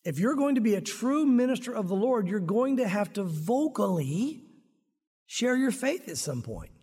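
A man's voice: sits high, sing-song, moderate pace, a little mellow, breathy edge, big-room sound. A male pastor preaching an earnest sermon to his congregation, growing emphatic at points. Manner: earnest, rises to emphatic when confronting sin.

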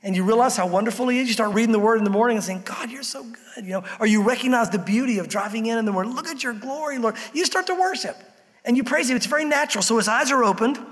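A man with a notably high voice delivers a sermon in a church sanctuary, talking to the congregation conversationally and acting out quotes along the way. His voice carries a long reverb tail from the large hall. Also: rapid-fire. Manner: conversational preaching with acted-out quotes. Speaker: pastor.

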